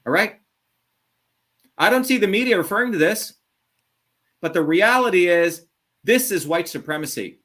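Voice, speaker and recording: A man's voice: high voice, expressive, moderate pace, pauses often, a bit bright. A middle-aged man hosting a call-in show, talking in a blunt, combative way, with swearing and heavy emphasis. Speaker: show host. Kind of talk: heated call-in monologue.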